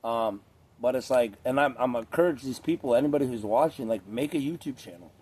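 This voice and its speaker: A man's voice: medium pitch, fast talker, a little mellow, breathy edge. A man talking straight to camera in a casual, rambling rant, swearing often and leaning on filler words. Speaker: vlogger.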